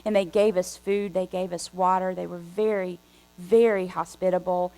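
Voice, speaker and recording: Woman preacher, low gravelly voice, chatty animated storytelling, faint hum behind. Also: normal speed, soft background music, rough recording. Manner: conversational, animated storytelling with frequent restarts. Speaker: guest preacher. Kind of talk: storytelling sermon. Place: church sanctuary.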